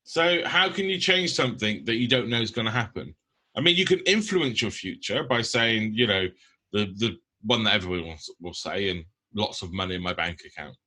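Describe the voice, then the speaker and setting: Blunt British man, bright voice. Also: medium pitch, expressive, normal speed, breathy edge. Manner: blunt, rambling with many ums. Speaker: podcast co-host. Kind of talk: casual podcast chat.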